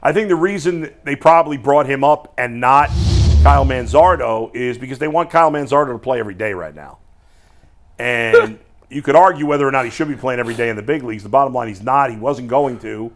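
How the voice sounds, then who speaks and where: A man hosting a casual sports talk show, animated and quick to restart his phrases. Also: mid-range voice, background noise.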